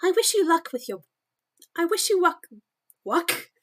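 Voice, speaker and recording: A woman voicing a nosy, prim older British lady in a put-on posh British accent, with a high, sing-song delivery, as she reads her own story aloud. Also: sing-song, measured pace, heavily acted. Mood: prim, gushing.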